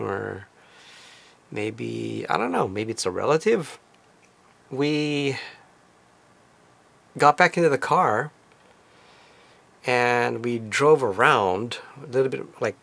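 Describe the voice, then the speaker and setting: A man casually recounting a trip as a vlogger, in a relaxed, conversational storytelling manner. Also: fairly low pitch, vocal fry. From lives in Tokyo. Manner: relaxed, conversational retelling with fillers.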